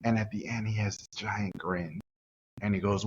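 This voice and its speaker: A man's voice: lowish voice, fairly even intonation, moderate pace, dull audio, slight background noise. A man from Mexico, a guest animator, telling stories in a casual interview and acting out quotes in different voices.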